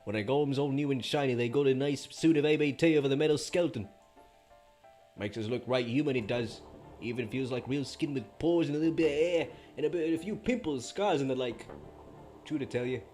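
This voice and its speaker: A man's voice: medium pitch, quick pace, a little mellow, faint music behind, pitched above the performer's own voice, close to an everyday voice. A man voicing a chatty, folksy android man in a put-on Australian accent. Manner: rambling, folksy explaining.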